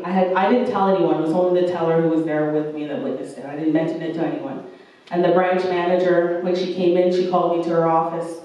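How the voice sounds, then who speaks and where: A woman's voice: on the low side, dark tone, muffled recording. Young woman preaching in an echoey church. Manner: earnest, storytelling, acts out quoted voices. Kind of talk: sermon with personal story. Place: church hall. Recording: echoey church room, mic at a distance.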